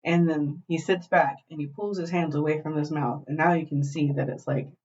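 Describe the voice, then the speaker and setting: A woman co-hosting a podcast, retelling a show in animated, profane casual chat. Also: sits low, normal speed. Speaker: podcast co-host. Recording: dull lo-fi glitchy recording.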